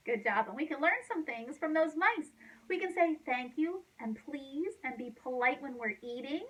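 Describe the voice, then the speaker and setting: A woman librarian leading a children's storytime, gently coaxing the kids to join in with motions and signs. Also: high voice, lively intonation, normal speed, far from the mic, dull audio.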